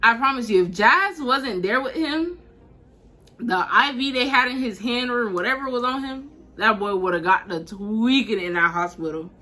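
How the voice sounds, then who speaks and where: A 19-year-old woman vlogger telling a casual, slangy storytime, animated and laughing as she goes. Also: a little high, normal speed.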